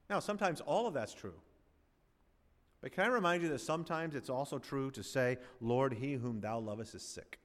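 A man preaching a sermon as pastor, swinging from emphatic rises to hushed, slowed phrases. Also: mid-range voice, animated. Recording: long hall reverb.

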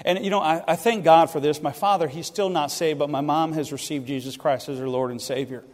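A middle-aged man preaches in a bright, high voice, telling self-deprecating stories with lively energy. He jumps into other people's lines as he tells them. His voice rings with the long reverb of a large church hall. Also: a little fast. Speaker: pastor. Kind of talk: sermon storytelling. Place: church sanctuary.

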